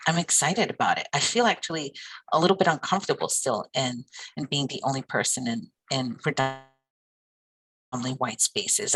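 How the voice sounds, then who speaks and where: A woman's voice: low voice, a bit bright, slightly rough, rough recording. A woman social worker talking heartfelt and personal in a candid interview.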